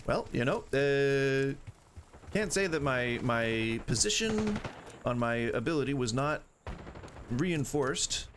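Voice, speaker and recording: A man streaming a shooter game and commenting casually, joking at his own expense with sudden loud exclamations. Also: mid-range voice, takes it slowly, slight background noise. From United States. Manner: self-deprecating, joking, animated exclamations. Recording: loud game gunfire behind. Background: loud game gunfire and shooting.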